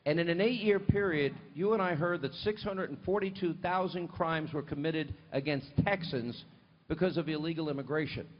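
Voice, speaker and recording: A man's voice: a little high, normal speed. A man hosting a live televised interview, asking long, emphatic questions with frequent restarts. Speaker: TV host. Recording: muffled live mic with hall reverb.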